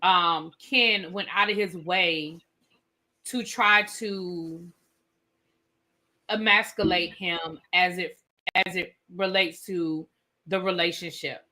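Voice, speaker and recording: A woman hosting a casual reality TV recap, opinionated and animated, acting out what people said. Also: fairly low pitch, takes it slowly, pauses often. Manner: animated, opinionated, acts out quotes. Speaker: recap show host.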